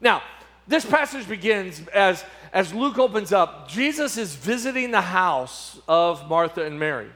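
A middle-aged man preaching from the pulpit in a high, ringing voice. He repeats his key phrases and leans into dramatic pauses. His volume rises and falls as he drives each point home. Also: sing-song, fairly bright tone. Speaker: pastor. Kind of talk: sermon.

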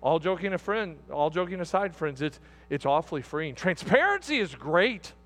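High-voiced preacher man, folksy and repeating. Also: brisk. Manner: folksy, repetitive, swings from soft asides to loud exhortation. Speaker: pastor. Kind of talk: sermon.

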